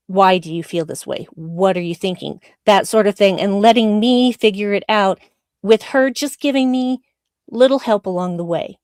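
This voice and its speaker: A woman's voice: mid-range voice, a little mellow, dry recording. Casting note: sincere woman co-host on a webcam, dry close sound. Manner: candid, heartfelt, earnest. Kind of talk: casual chat.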